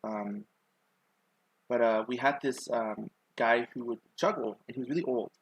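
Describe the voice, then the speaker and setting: Young guy rambling to chat while drawing, lots of ums, normal pitch, dry close sound. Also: normal speed, breathy edge, no room sound. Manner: rambling, many fillers, chatting to viewers. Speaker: streamer.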